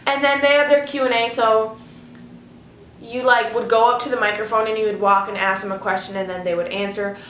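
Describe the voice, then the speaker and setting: A woman's voice: a little high, fairly even intonation, a little fast, a bit bright, slight background noise. A teenage girl telling a story in a casual vlog, gushing and chatty, saying "like" constantly. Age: teens. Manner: chatty, gushing, heavy use of "like". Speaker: vlogger. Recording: echoey room.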